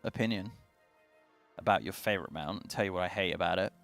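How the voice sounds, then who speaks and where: A man's voice: low voice, fast talker, vocal fry, a bit bright, faint music behind. A man co-hosting a stream, chatting casually and teasing with a joking manner. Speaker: stream co-host. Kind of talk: casual chat. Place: streaming studio.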